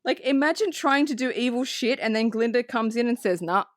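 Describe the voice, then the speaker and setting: A woman co-hosting a movie podcast, recapping the film in casual, profane, animated chat and acting out bits of the characters. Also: a little high, fairly quick, no room sound, clean studio sound. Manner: animated, swears freely, acts out characters. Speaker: podcast co-host.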